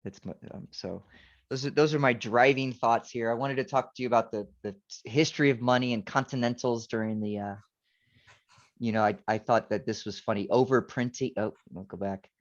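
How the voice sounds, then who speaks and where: A man's voice: medium pitch, brisk. A man teaching a class over a video call, talking loosely through his slides and often restarting his sentences. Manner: rambling, self-correcting, frequent restarts. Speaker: teacher giving a presentation. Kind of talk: informal talk with slides. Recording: dull lo-fi video call audio.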